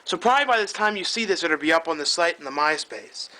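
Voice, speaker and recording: A young man with a hoarse voice, chatting and joking to camera in a casual vlog, recorded on a camcorder. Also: on the high side, animated, fast, pushed and bright, rough recording. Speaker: vlogger. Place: outdoors in woods, then indoors at home. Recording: faint background noise.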